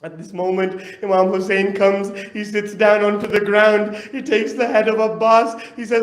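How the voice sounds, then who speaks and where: Impassioned high-voiced preacher in echoey hall. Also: male voice, fairly even intonation, moderate pace, few pauses. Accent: British. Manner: impassioned, rhetorical questions, chanting. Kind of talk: Muharram mourning sermon. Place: mosque hall.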